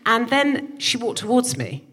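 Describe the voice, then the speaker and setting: A woman in her forties, a comedian co-host telling a sweary, animated story live on stage. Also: a little high, unhurried, slightly rough. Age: 40s.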